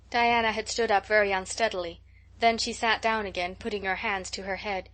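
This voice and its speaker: A woman with a medium-pitched voice reads a classic novel for an audiobook, her narration measured and expressive.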